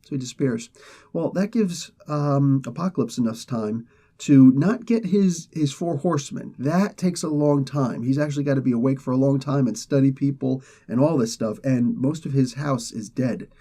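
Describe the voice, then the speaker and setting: Male comic-show host, casual excitable recap, husky tone, mellow timbre. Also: mid-range voice, moderate pace. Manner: excitable storyteller, many fillers and restarts. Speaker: comic book reviewer, host.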